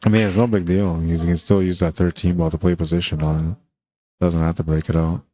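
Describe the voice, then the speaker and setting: A man's voice: sits low, level tone, fairly quick, warm tone. A man giving laid-back, chatty live commentary on a pool tournament, reading viewer messages and talking about the players. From Canada.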